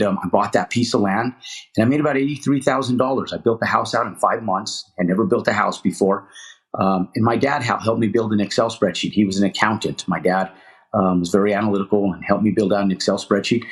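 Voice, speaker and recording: A middle-aged man, a real estate developer, telling his story in a podcast interview, rambling with many fillers and restarts. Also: lowish voice.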